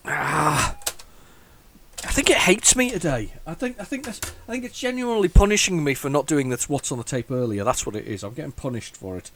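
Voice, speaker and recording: Man, retro tech host, casual running commentary, rambling, lots of restarts, wry asides, pitch swinging up and down. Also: lively intonation, quick pace, hardly any pauses, a bit bright, a little hiss or hum. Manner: rambling, thinks aloud, frequent restarts; wry, self-mocking asides. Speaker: retro computing video host.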